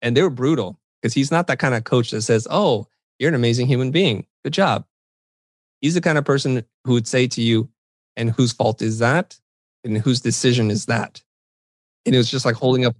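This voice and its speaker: A middle-aged man recounts his experiences as a podcast guest, slipping into quoted dialogue and poking fun at himself. His voice is mid-pitched and even. The recording is dry and close, with no room sound. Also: moderate pace, no room sound. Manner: animated, self-deprecating anecdotes with quoted dialogue. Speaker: interview guest. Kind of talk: conversational storytelling.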